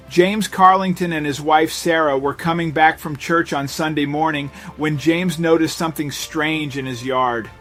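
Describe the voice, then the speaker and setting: A man's voice: a little high, fairly bright tone. Man narrating a mystery tale. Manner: dramatic storytelling delivery. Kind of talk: scripted narration.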